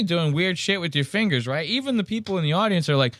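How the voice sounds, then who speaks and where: A man's voice: high-pitched, animated, fairly quick, hardly any pauses, a bit bright, no echo, clean studio sound. A man hosting a podcast, reacting to clips in a casual, incredulous, rambling way, quoting the chat and mimicking people. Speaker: podcast host.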